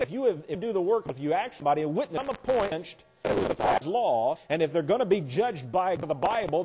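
A man's voice: high-pitched, a little mellow, slightly rough. A man teaching a Bible class lecture, explaining verses step by step with wry asides. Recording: long hall reverb.

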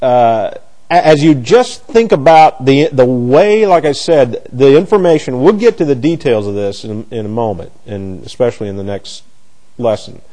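Halting, mellow-voiced male Bible teacher. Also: medium pitch, lively intonation. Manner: halting, repeats words while searching for phrasing.

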